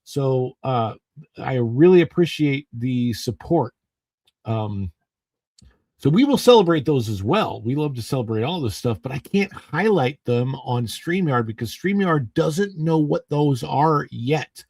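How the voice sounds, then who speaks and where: A man's voice: medium pitch, lively intonation, a little slow, darkish tone, dry recording. A man hosting a casual live stream, chatting and reading viewer names aloud. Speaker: livestream host.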